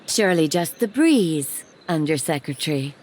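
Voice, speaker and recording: A man's voice: on the high side, expressive, normal speed, darkish tone, voice pushed up, close to an everyday voice. A man voicing a sly young island woman who mocks an official with dry, teasing retorts.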